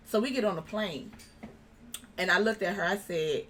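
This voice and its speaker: A woman's voice: medium pitch, moderate pace, slight background noise. Young woman telling a story animatedly. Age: young adult. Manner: animated, acts out quoted dialogue. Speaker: interview guest. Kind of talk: casual personal storytelling.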